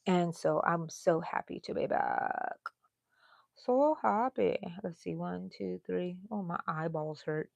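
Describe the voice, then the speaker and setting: A woman of sixty with a Texan accent, hosting a live crochet stream in a casual, chatty way and dropping to low mutters and whispers as she counts stitches. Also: slow pace, vocal fry, dry recording, muffled recording. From Texas. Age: 60s.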